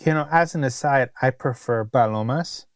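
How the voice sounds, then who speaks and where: A man's voice: medium pitch, moderate pace, no room sound. A man co-hosting a podcast and telling a long restaurant story in casual chat, with exasperated asides. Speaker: podcast co-host, restaurant critic.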